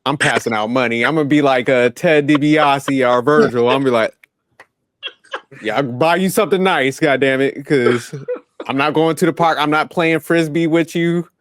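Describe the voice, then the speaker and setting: A man's voice: a little high, normal speed, a bit bright, no room sound. A man, chatting bluntly and profanely on a podcast and laughing at his own remarks. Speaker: podcast host. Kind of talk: casual chat.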